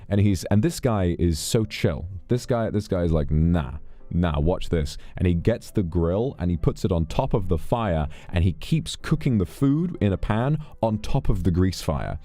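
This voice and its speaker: British man, deep voice, very expressive pitch, casual rambling stream chat, swears. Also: moderate pace, hardly any pauses. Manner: rambling, swears freely, animated storytelling.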